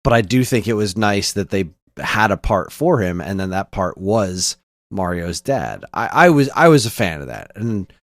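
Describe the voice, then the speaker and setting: A man in his thirties co-hosting a podcast, with a lowish voice whose pitch moves in a lively way. He talks easily and laughs often, and the sound is dry and close. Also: normal speed, dry recording. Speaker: podcast co-host. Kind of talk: casual chat.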